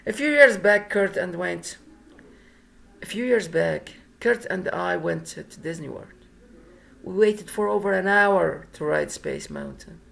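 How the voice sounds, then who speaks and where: A man's voice: sits high, lively intonation, measured pace, gravelly, fairly bright tone, heavily acted. A man reading the lines of a blunt young woman with cancer, in a dry, sardonic way.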